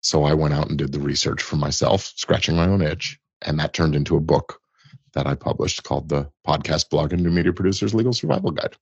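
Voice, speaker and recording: A middle-aged entertainment lawyer answers interview questions as a guest, explaining things thoughtfully and often restarting his phrases. His voice is rumbling low, husky, and brisk, recorded without echo and with the high frequencies cut off.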